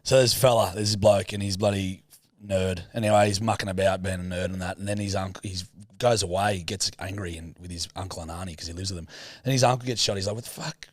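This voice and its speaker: A man co-hosting a podcast, telling stories in a crude, swearing, animated way. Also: fairly low pitch, dry recording, clean studio sound. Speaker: podcast co-host. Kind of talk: casual chat.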